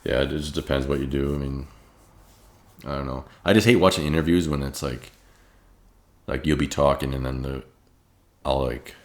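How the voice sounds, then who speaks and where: A man's voice: extremely low pitch, steady tone, normal speed, pauses often. A man hosting a casual podcast chat, laid-back and rambling, often leaning on "like". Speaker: podcast host.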